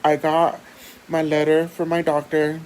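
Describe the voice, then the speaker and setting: A woman's voice: low voice, a little slow, low-quality recording. Chatty swearing woman vlogger from Texas. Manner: chatty, animated, swears freely. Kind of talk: casual storytelling.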